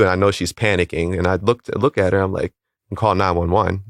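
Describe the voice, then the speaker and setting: A man with a very low voice speaks as an interview guest, recounting a personal story in a calm, measured way. He slips into the voices of the people he quotes. His voice sounds close and dry, with no room echo. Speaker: interview guest, calisthenics league founder.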